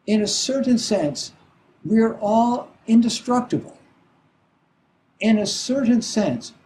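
A middle-aged Zen teacher, a man with a fairly high but soft, mellow voice, gives a reflective dharma talk. He speaks haltingly, filling gaps with "you know" and restarting his sentences. Faint ambient noise sits behind him. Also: low-quality recording.

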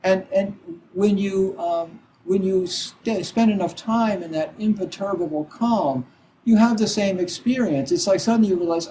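High-voiced, mellow man giving a halting dharma talk. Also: a little hiss or hum, low-quality recording. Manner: halting, with frequent "you know" and restarts. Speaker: Zen teacher.

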